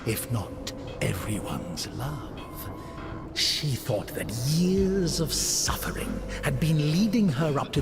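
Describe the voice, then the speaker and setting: A man narrating a video game story in a measured, storybook way. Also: medium pitch. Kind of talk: scripted narration.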